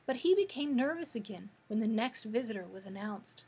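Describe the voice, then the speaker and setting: A woman librarian reading a children's book aloud in a clear, measured storytelling manner. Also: a little high, animated, dark tone, rough recording.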